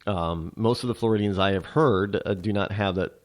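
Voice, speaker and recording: A man hosting a talk show, giving a rambling political commentary monologue full of halting restarts. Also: fairly low pitch.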